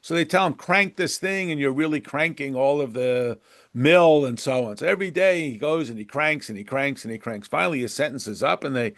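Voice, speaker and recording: A man's voice: mid-range voice, fairly quick. A man teaching a Torah class in a casual, digressive way, slipping Hebrew terms in and translating them, and acting out little dialogues. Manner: chatty and digressive, with frequent restarts and asides; lively, acts out little dialogues. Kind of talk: conversational lesson.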